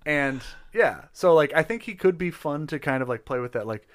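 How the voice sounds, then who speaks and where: A man's voice: a little high, animated, moderate pace, clean tone, dry recording. A man chatting casually about a role-play session, rambling with many restarts and fillers. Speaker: tabletop role-play player.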